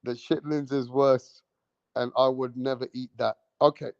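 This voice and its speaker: A man, hosting a livestream and loudly teasing and daring his chat, swearing freely. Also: medium pitch, level tone, measured pace, no echo, dull audio. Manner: loud, teasing, swears a lot, goads the chat. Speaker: livestream host.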